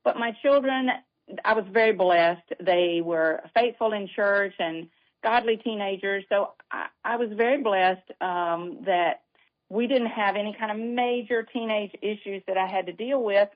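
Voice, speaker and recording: A woman's voice: mid-range voice, measured pace. An older woman with a Southern accent, a guest author chatting casually and telling family stories. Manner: warm storytelling. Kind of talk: casual chat. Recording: dull lo-fi sound.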